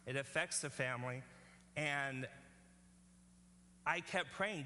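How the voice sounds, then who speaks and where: A man's voice: medium pitch, a little slow, long pauses, pushed and bright, long reverb tail, a little hiss or hum. A male pastor preaching a sermon in an earnest, conversational way, often checking in with the congregation.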